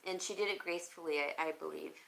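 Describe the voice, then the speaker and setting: Bright-voiced chatty woman. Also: deep voice, steady tone, fast talker, vocal fry, poor audio. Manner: chatty, thinking aloud with frequent "um, let's see". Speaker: crafting channel host. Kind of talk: casual live-stream chat reading viewer comments.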